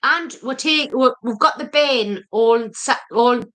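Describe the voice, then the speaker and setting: A middle-aged woman chats casually during a home live stream, wandering easily from one thought to the next. Her voice sits a little higher than most women's. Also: slow, bright, forceful tone. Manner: chatty, easily distracted. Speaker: cooking channel co-host.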